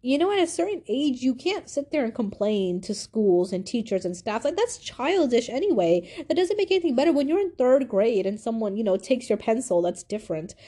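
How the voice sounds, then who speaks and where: An eighteen-year-old woman hosting a podcast, telling a personal story in a confiding, animated way. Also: brisk, few pauses. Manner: animated, confiding, swings from high to low. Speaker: podcast host.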